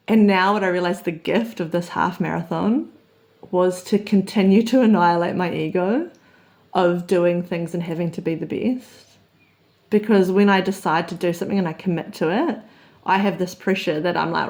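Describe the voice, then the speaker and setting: A woman speaks in a somewhat low voice. She talks openly and reflectively in a confessional vlog monologue. Her storytelling is candid and unhurried. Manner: open, confessional storytelling with soft laughs. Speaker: vlogger.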